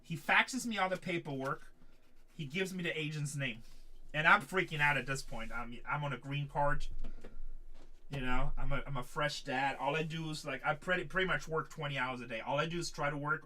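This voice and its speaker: Bright-voiced man telling a story at a distance. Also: on the high side, brisk. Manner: animated, emphatic retelling with quoted dialogue. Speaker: card break host. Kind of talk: casual storytelling. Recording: voice a little distant from the mic.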